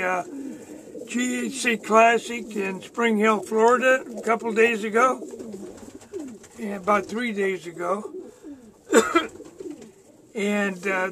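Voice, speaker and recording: A man giving a casual, easygoing vlog tour of his pigeon loft, chatting to the camera and coaxing his birds. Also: high voice. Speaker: pigeon breeder vlogger. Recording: noisy loft with birds cooing.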